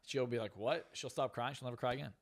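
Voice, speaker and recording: A man's voice: medium pitch, steady tone, rapid-fire. A man on a podcast talking bluntly and profanely, ranting with strong opinions. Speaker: podcast guest. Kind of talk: casual podcast talk.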